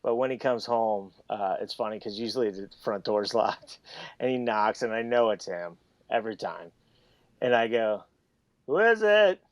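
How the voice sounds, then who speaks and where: A man's voice: on the low side, steady tone, normal speed. A man guesting on a podcast, telling stories animatedly and laughing as he goes, close to the mic. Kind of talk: casual storytelling.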